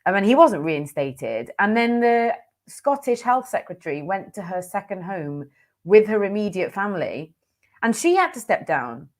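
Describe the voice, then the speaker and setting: A woman's voice: mid-range voice, sing-song, normal speed. A woman co-hosting a political chat, talking in an emphatic, conversational way with plenty of fillers.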